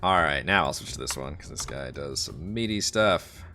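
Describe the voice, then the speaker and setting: A man's voice: very deep voice, expressive, normal speed, pushed and bright, soft background music. A man narrating as the dungeon master of an online tabletop game, laid-back and laughing often. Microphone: home microphone on voice chat.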